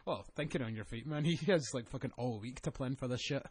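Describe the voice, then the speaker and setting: A man co-hosting a podcast in loose, casual banter. His voice is husky and a bit breathy. He swears freely and laughs at his own jokes. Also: mid-range voice, fast talker. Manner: sweary, jokey, laughs often. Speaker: wrestling podcast co-host.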